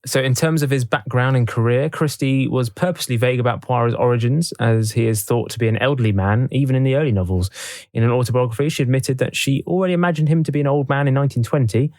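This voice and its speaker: A man's voice: medium pitch, fast talker, a little mellow, no echo. A man co-hosting a podcast, reading from notes in a dry, casual way. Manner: reads from notes, dry, laughs easily. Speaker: podcast co-host.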